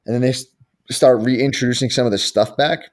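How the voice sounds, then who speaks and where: A man co-hosting a podcast who talks in a loose, rambling way. He fills his speech with "like" and "you know" and throws in quick asides. His pitch is in the ordinary middle range. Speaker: podcast co-host. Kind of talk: casual chat.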